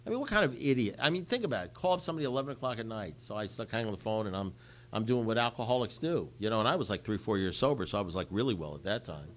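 An older man with a somewhat low voice speaks to a group about his own recovery. His delivery is blunt and conversational, and he often repeats a phrase to drive it home. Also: animated, racing. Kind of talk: personal recovery story told to a group.

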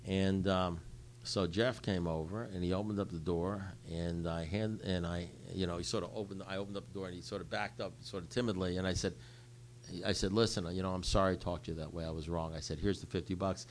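An older man with a somewhat low voice speaks to a group about his own recovery. His delivery is blunt and conversational, and he often repeats a phrase to drive it home. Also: steady tone, brisk, slight background noise. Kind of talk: personal recovery story told to a group.

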